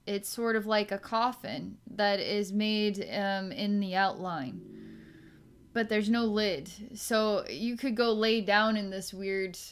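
A woman giving a psychic healing session, musing slowly and trailing off with fillers. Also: mid-range voice. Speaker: psychic energy healer.

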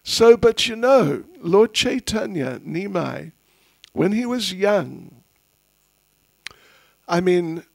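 Slow, gravelly male storyteller. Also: high-pitched, very animated, no echo, studio quality. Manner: unhurried, anecdotal, chuckles at his own asides. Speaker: spiritual teacher giving a festival class. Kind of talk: storytelling sermon.

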